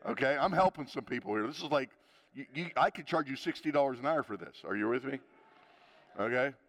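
A man's voice: medium pitch, fast talker, long reverb tail. A man in his sixties preaching a sermon, telling funny stories from his marriage and acting out the lines of the people in them. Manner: animated storytelling with acted quotes and laughter. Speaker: pastor.

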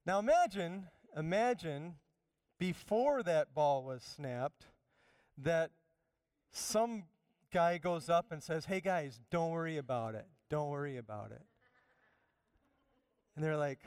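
Man, pastor, sermon, animated, emphatic bursts, smooth, close dry sound. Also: a little high, takes it slowly, pauses often, dry recording. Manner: animated, rising to bursts of emphasis and dropping to quiet asides.

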